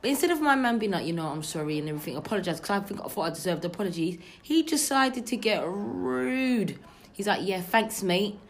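A woman's voice: mid-range voice, quick pace, a little hiss or hum. Young woman telling gossip. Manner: animated gossipy storytelling with slang. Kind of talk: casual storytelling chat.

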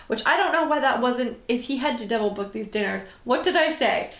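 A woman co-hosting a podcast, recapping a movie in casual chat, sarcastic and swearing freely. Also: on the high side. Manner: swearing, sarcastic, quick asides. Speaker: podcast co-host. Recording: roomy echo.

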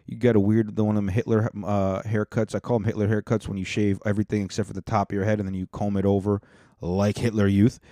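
Podcast guy riffing on clips, low mellow voice, swears a lot, dry sound. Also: level tone, quick pace, no room sound. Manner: profane, laid-back, chuckling. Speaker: podcast host. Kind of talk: casual reaction commentary.

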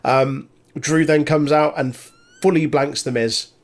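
A man's voice: on the high side, unhurried. Laughing man recapping wrestling. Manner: animated, laughs often, swears, many ums. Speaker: podcast co-host. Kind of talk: casual chat recapping a wrestling show.

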